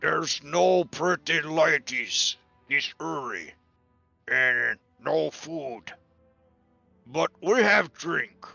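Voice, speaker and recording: A man voicing a gruff ogre doorman who speaks in short, broken sentences. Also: a little high, lively intonation, drawn-out words, pushed and bright, no room sound, soft background music, exaggerated voice. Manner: broken clipped speech. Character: gruff simple-spoken male ogre doorman. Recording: dull lo-fi audio.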